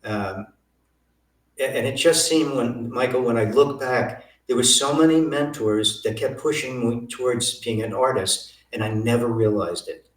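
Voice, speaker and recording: A man's voice: mid-range voice, a little slow, echoey room, recorded from a distance, rough recording. A man telling stories as an interview guest, acting out the dialogue he quotes. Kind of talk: storytelling interview.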